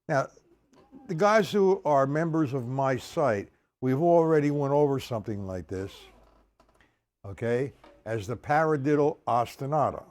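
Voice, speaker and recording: A man teaching a drum lesson, explaining patterns step by step and counting sixteenth notes aloud. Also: medium pitch. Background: drum kit playing.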